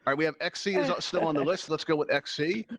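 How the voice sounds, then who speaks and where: A man's voice: on the high side, quick pace, fairly bright tone. A man hosting a live virtual reality game show, teasing and bantering playfully with contestants. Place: virtual reality social event.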